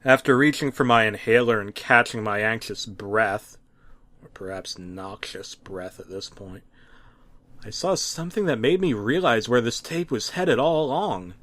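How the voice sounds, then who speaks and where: A man narrating a mock-serious horror story with a dramatic, deadpan delivery and occasional restarts. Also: medium pitch, measured pace, no echo. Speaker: creepypasta narrator.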